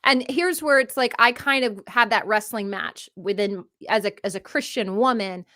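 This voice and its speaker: A woman's voice: mid-range voice, moderate pace, pushed and bright, no room sound, studio quality. A woman hosting a show, talking in a heartfelt, searching way in a casual interview. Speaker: show host.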